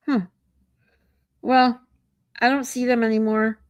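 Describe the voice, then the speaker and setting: Speaking slowly and flatly in a slightly high voice, a woman runs a casual livestream chat. She works through viewer comments and greets people candidly and conversationally, swearing often, and the recording is dry.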